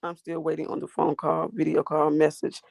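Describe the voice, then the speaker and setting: A woman's voice: low-pitched, completely flat delivery, normal speed, gravelly, a little mellow, no echo, studio quality. A woman hosting a livestream, ranting and talking back to her chat in a profane, confrontational way. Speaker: livestream host.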